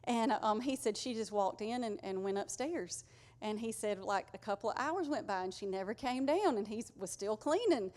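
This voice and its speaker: A woman's voice: mid-range voice, animated, normal speed, a little mellow. A woman preaching a conversational, earnest sermon to her congregation. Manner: conversational, earnest, uses y'all.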